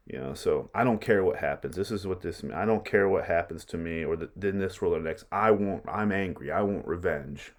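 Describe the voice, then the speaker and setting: Low-voiced casual male teacher. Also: fairly quick, hardly any pauses. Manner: casual, paraphrases in everyday words. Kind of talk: reading and explaining a play.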